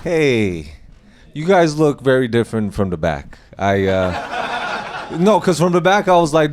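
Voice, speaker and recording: On a comedy club stage, a male stand-up comedian improvises in a sing-song, mid-range voice. He's chatty and teasing, quick to laugh at his own jokes and often laughing along with the crowd. The live club mic picks up noise behind him.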